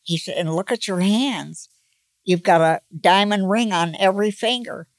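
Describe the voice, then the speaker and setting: A woman in her nineties, a grandmother slowly telling old jokes in a folksy, casual way. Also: mid-range voice, dry recording. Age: 90s. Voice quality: creaky. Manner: slow, folksy joke delivery with voiced characters.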